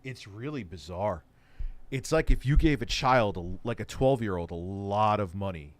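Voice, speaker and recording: A man's voice: lowish voice, moderate pace, no room sound. A man hosting an online show, giving casual, sarcastic commentary on clips. He sounds exasperated and swears freely. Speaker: host.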